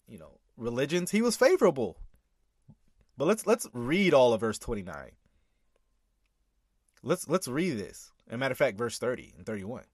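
A man gives animated reaction commentary, pushing back on a preacher with emphatic repeats and bursts of laughter. His pitch swings widely as he argues. The sound is dry and close. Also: no echo. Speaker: commentator reacting to a sermon clip. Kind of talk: reaction commentary with scripture reading.

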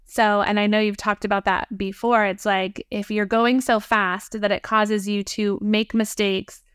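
A woman co-hosting a casual podcast, chatty and expressive. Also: medium pitch, a little slow, smooth, dry recording, clean studio sound. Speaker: podcast co-host.

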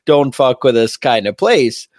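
A man's voice: mid-range voice, measured pace, no echo. Male podcast co-host, casual swearing raconteur, dry close sound. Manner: profane, animated storyteller. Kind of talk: casual chat.

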